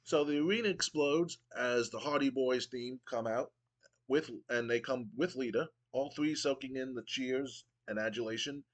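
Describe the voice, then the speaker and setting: A man's voice: mid-range voice, normal speed, low-quality recording. A man casually narrating his wrestling game playthrough, rambling with frequent ums and restarts. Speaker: game streamer.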